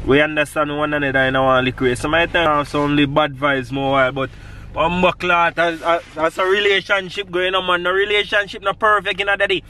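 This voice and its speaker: Guy vlogging outside at night, high bright voice, rambling and laughing, bit of traffic behind. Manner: rambling, laughing, patois storytelling. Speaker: family vlogger. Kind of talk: casual storytelling vlog. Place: outdoors by a road at night.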